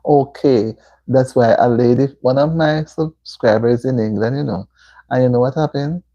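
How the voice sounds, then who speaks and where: A Jamaican woman hosts a casual livestream from a room at home, chatting with viewers and answering their comments with motherly advice. Her voice is extremely low and warm, at a normal pace, and the highs are cut off.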